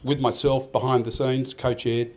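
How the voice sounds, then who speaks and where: Against background noise, an older Australian man speaks flatly at a moderate pace in a medium-pitched voice. He's the event organiser addressing a farmers' awards night in an event hall. The speech is heartfelt but rambling, with many restarts.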